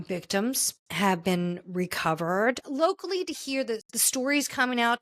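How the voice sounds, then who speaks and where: A woman hosting a casual podcast, talking in an emotional, halting way and choking up as she goes. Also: fairly high pitch, a bit bright. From Washington, D.C. area. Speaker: podcast host.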